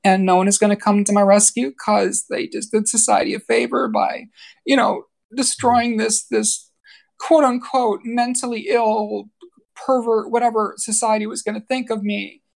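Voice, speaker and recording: A woman's voice: a little high, steady tone, normal speed, vocal fry, a little mellow. A woman from New York, a podcast guest, telling her personal story candidly and earnestly, with frequent restarts.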